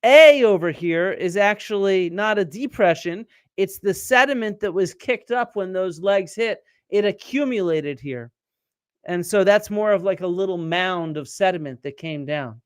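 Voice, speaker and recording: A high-pitched, smooth-voiced man hosts a live archaeology lecture online, explaining step by step while quizzing viewers and answering comments. The recording is dry and studio quality.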